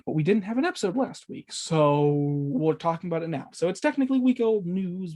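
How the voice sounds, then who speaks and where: A man with a high, darkish voice hosts a casual gaming podcast. He rambles with lots of fillers, stumbles over his words, and swears whenever he loses track.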